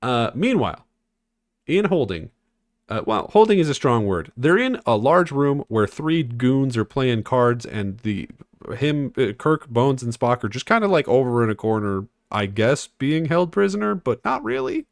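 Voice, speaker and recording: Man, podcast co-host, casual, rambling, profane, sarcastic, mid-pitched, dry recording. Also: very animated, unhurried, no room sound. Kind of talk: casual rewatch podcast chat.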